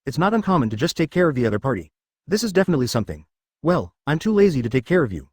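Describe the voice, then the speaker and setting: A man's voice: fairly high pitch, very animated, rapid-fire, a little mellow, breathy edge, dry recording, clean studio sound. A man reading as an aloof, arrogant young master. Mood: dismissive. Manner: dismissive and curt.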